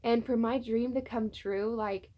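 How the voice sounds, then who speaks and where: A woman's voice: on the high side, fairly even intonation, unhurried, dark tone. A young woman chatting casually to her phone camera at home, telling a personal story with many fillers. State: tearful at times. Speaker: vlogger. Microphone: phone on a tripod.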